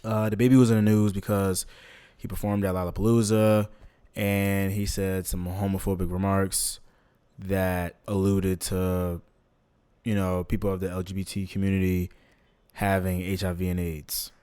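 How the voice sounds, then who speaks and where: A man's voice: low voice, level tone, normal speed, dark tone, clean tone. A young man hosting a podcast, talking loosely with slang and plenty of filler. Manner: laid-back, loose, lots of ums and slang. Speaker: podcast host. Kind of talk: casual podcast monologue.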